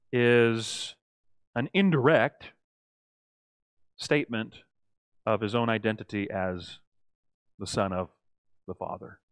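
A man teaching a church Bible study in a lively, conversational way, often acting out quoted lines and checking in with the group. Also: mid-range voice, clear, resonant tone, no room sound. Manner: animated, acts out quoted lines, asks the group "right?".

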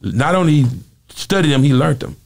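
A man who is a former singer, telling lively stories in an interview and acting out the voices of other people in them. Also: creaky. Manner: quick, lively storytelling, acting out quoted voices with big jumps in pitch. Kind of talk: animated storytelling interview.

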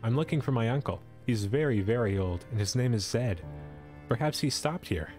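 A man's voice: medium pitch, expressive, moderate pace, darkish tone, faint music behind, close to an everyday voice. A man voicing a pushy, demanding young male traveler in a storybook adventure, lifting his voice above his own. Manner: insistent and demanding.

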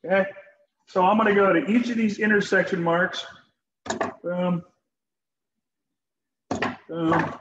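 Guy teaching shop class, jokey and folksy, kinda high voice, roomy echo. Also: fairly even intonation, slow, pauses often, muffled recording, background noise. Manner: folksy, joking, talks to students directly. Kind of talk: classroom demonstration. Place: school workshop.

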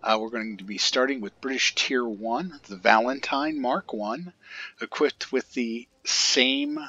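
A man's voice: medium pitch, a little slow, breathy edge, lo-fi sound. A man giving casual, self-mocking and sarcastic commentary on his own gameplay. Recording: loud game engine noise behind.

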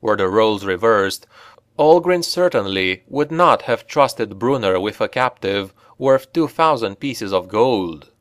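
A male narrator reading a grim fantasy tale with slow, measured pacing. His voice sits fairly low. The recording is dry and close. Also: no echo. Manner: steady, measured storytelling. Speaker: audiobook narrator.

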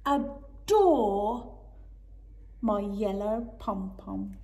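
A woman voicing a grumpy old female owl in a children's storybook, slow and drawn-out. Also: mid-range voice, lively intonation, gravelly, dark tone, exaggerated voice. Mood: delighted.

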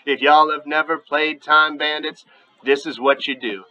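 A man hosting a gaming video with his son, giving excitable play-by-play with shouted sound effects. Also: a little high, moderate pace. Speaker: dad and gaming channel host. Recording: dull lo-fi audio.

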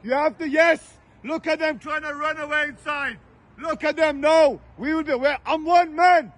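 A man's voice: extremely high pitch, steady tone, moderate pace. A man at an outdoor street protest, heckling opponents with short repeated taunts and then addressing the crowd with a fiery speech. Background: shouting crowd and passing traffic.

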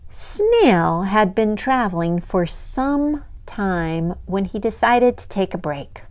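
A woman reading a picture book aloud to young children as a librarian, expressive and pausing to ask the listeners questions. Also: medium pitch.

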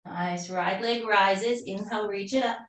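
A woman's voice: medium pitch, a little slow. Breathless woman cueing yoga, far off in an echoey room. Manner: calm breathy cueing while flowing through poses herself. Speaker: yoga instructor. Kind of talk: live yoga class cueing. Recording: roomy echo from far off the mic.

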